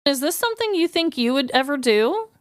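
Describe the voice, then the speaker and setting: Speaking fairly quickly in a high, very animated voice, this woman co-hosts a podcast on a very noisy recording. Her delivery shifts from scripted storytelling packed with puns to loose, giggly chat.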